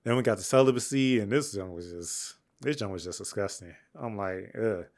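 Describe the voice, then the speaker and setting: A young man giving a candid, slangy album review, rambling with fillers and restarts, dropping to low mutters and jumping up when excited. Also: fairly quick. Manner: swings between flat mutters and excited highs. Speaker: music reviewer. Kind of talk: casual album review monologue.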